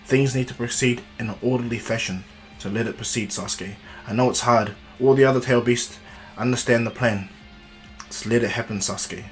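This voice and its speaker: An eager young ninja fires off casual questions, as a man puts him on in a plain mid-range voice. Soft guitar music sits faintly behind him in this fan storytelling. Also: medium pitch, fairly even intonation, brisk, close to an everyday voice. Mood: insistent. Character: brash young male ninja hero, curious.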